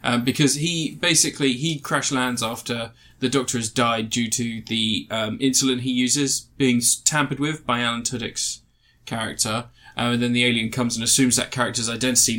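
Guy co-hosting a podcast, bright forceful voice, loose and jokey, loses his words. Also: medium pitch, steady tone, moderate pace, few pauses. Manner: rambling, jokey, searching for words. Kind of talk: casual chat.

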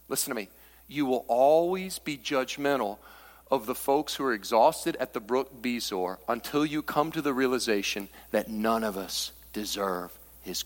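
Male pastor, fiery sermon delivery, very animated pitch, long church-hall reverb. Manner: impassioned, swings from hushed to near-shouting. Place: church sanctuary.

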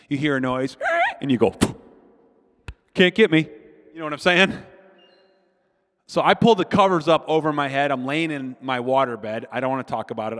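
A man in his forties preaching a sermon, telling a comic childhood story and speaking directly to the crowd. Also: medium pitch. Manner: animated, addresses the crowd directly. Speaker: pastor. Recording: long hall reverb.

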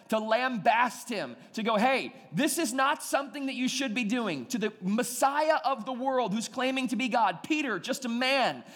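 A male pastor delivers a sermon in a high, bright-sounding voice, acting out the people in his story. His words ring with the long reverb of a large hall. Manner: animated storytelling, acting out quoted dialogue.

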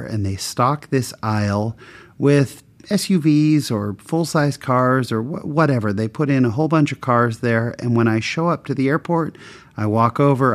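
A man of average pitch telling a personal story with a faith lesson at the end. He talks in a candid, self-mocking, conversational way. When he plays the people in his story, his pitch jumps up and down a lot. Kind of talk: personal anecdote with a moral lesson.

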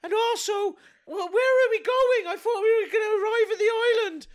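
A man voicing a prim, anxious woman in a high falsetto, fussing and fretting. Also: moderate pace. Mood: fretful. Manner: prim and fretful. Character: fussy flustered woman passenger, prim and anxious.

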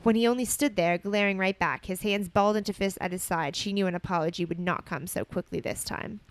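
A woman reading fan fiction aloud with expressive delivery and joking asides. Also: medium pitch, fairly quick, no echo. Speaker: reader.

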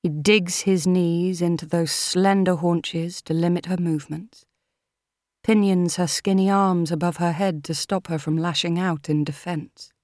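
Slow low-voiced woman narrator. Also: fairly even intonation, darkish tone, no echo, clean studio sound. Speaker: audiobook narrator. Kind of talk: audiobook narration.

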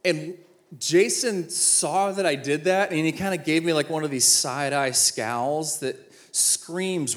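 Speaking slowly in a voice on the high side, an ex-football player in his thirties shares personal stories to inspire his audience. His humor is self-mocking, and he acts out the conversations.

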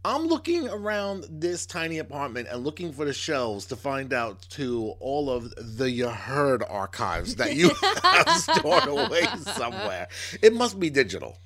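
A man's voice: medium pitch, huge pitch swings, a little slow, pushed and bright. A man co-hosting a podcast in casual chat, joking and laughing often. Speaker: podcast co-host.

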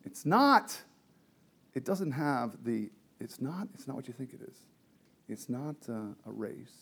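A man's voice: mid-range voice, big pitch swings, a little slow, vocal fry, fairly bright tone, slightly rough. A man teaching a Bible study to a group, explaining the text and asking the group questions.

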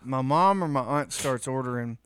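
A man's voice: mid-range voice, normal speed, a bit bright, clean tone, no echo, clean studio sound. A man co-hosting a podcast, telling a rambling story in casual chat, swearing and laughing often.

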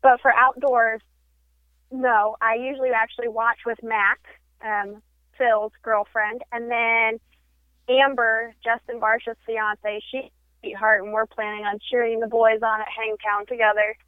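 A bubbly woman in her twenties chats eagerly as an interview guest, her voice slightly high. She comes through a thin, tinny phone line with a dry sound. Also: level tone, a little slow, no echo. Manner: bubbly, upbeat and talkative. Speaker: guest, brand promo model.

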